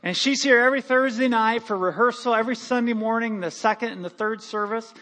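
Pastor, male, high voice, animated and humorous sermon delivery. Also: a little fast. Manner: animated, joking, lively storytelling with acted-out quotes. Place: church sanctuary.

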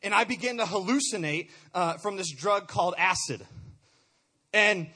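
Young man, high and husky, earnest testimony, stumbles and restarts a lot. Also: moderate pace, sharp tone. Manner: earnest, stumbling over repeated words. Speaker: speaker sharing a testimony. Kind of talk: personal testimony.

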